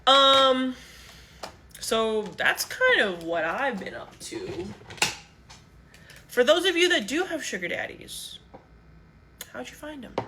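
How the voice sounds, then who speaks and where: A woman's voice: high voice, sing-song, slow, long pauses. A young woman vlogger chatting bluntly and casually as she picks a date outfit, swearing freely. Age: young adult. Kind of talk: casual get-ready-with-me chat. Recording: noisy background ambience.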